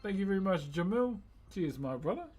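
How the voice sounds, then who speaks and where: A man's voice: sits high, sing-song, a little fast, mellow, faint music behind. A man who carves wood on a live stream, chatting in a laid-back way and calling viewers "bro". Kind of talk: casual live-stream chat.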